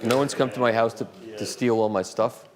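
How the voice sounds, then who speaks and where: A man's voice: mid-range voice, steady tone, fairly quick, a crowd in the background. A man in his sixties giving a casual, rambling talk full of anecdotes and answering audience questions at a radio museum event. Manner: rambling, anecdotal, self-deprecating. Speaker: invited speaker.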